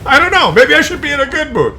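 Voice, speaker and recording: A man vlogging, telling a comic story to camera in an exasperated, animated way with many restarts. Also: very high voice, fast, slight background noise.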